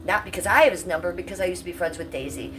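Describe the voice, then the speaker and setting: A woman's voice: lowish voice, very fast, a bit bright, recorded from a distance, low-quality recording. Chatty fifty-something woman livestreaming. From Cleveland, US. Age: 50s. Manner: chatty, salty, talks to chat. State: coughing. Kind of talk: casual livestream chat. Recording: voice a bit off-mic, faint room hum.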